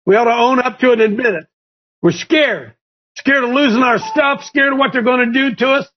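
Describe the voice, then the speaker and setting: A fiery male preacher whose voice sits very high and has a husky grain. He hammers home repeated phrases and climbs into shouts. The recording sounds dull and lo-fi. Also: brisk.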